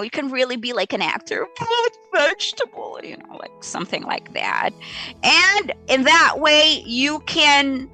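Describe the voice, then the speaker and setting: Woman ESL teacher on a live stream, animated and unhurried, with a bright, higher voice and faint music behind. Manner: animated, models exaggerated reading voices.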